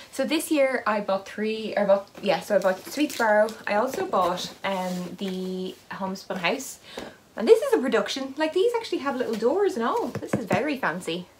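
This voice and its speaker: In a casual, wandering vlog, a woman who hosts a knitting podcast unboxes advent yarn and makes self-deprecating asides. Her voice is mid-range, and there's slight noise in the background.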